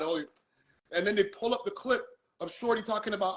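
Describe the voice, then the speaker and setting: A man's voice: sits high, fairly quick, fairly bright tone, rough recording. A man from Toronto with a Toronto accent, chatting easygoingly as a guest on a live stream and using slang like "fam" and "bro". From Toronto, Canada. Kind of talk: casual chat on a live stream.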